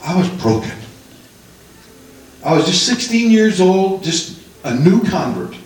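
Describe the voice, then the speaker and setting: A man's voice: sits high, sing-song, unhurried. A man in his sixties preaching a heartfelt testimony sermon, telling his story with emotion and pleading rises. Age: 60s. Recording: echoey room, distant from mic.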